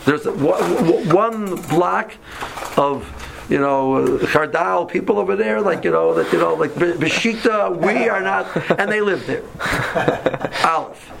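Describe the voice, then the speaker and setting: Male teacher, gravelly, slightly high, lively storyteller who acts out the dialogue. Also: a little slow, background noise. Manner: animated, acts out dialogue, frequent restarts. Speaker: Torah teacher. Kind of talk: storytelling in a class.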